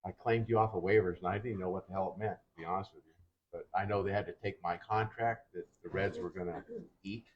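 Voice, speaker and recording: An older man, a retired baseball pitcher, telling his career stories in casual chat and acting out the lines of the people in them. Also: quick pace. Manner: animated, acts out other people's lines in quotes. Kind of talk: casual storytelling. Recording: dull lo-fi sound.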